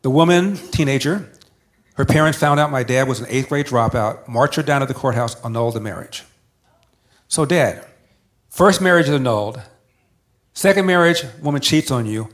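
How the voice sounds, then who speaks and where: An older man tells a personal story at an even, mid pitch. He builds his points through emphatic repetition, in the manner of a talk show guest. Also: moderate pace.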